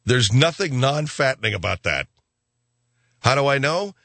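A male talk radio host rambles through his monologue, gruff and sarcastic. His bright voice rises and falls a lot as he riffs. The sound is dry and close, with no room around it. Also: mid-range voice, sing-song, moderate pace, no room sound.

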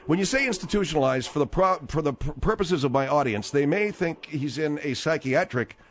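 Animated late-night radio host, man. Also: on the high side, brisk. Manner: animated, blunt, conversational. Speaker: radio talk show host.

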